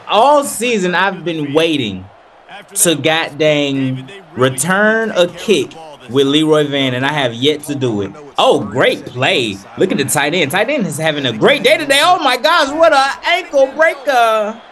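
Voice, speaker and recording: A young man giving casual play-by-play commentary while playing a football video game, animated, hyped and trash-talking. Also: on the high side. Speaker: gaming video creator.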